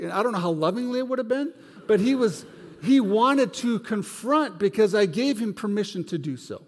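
A man's voice: sits high, normal speed, big-room sound. A man preaching a sermon to his church, telling a personal story and acting out the voices in it. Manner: animated storyteller, acts out voices. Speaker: pastor. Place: church sanctuary.

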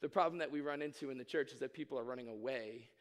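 A man's voice: medium pitch, racing. A young adult man preaching a sermon, telling a story animatedly and acting out quotes, a bit under the weather. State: under the weather, occasional coughs. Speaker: pastor.

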